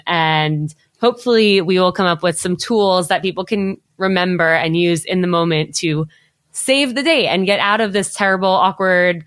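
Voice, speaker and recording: A woman's voice: on the low side, a bit bright, no room sound, studio quality. A woman hosting a dating podcast, chatty and upbeat and full of "like" fillers. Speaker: podcast host. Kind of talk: casual podcast chat.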